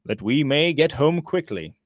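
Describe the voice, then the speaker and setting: A man's voice: expressive, a little slow, no room sound. Guy reading a victorian novel, voice goes all over the place, dry close sound. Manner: voices dialogue with rising pitch and volume. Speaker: audiobook reader.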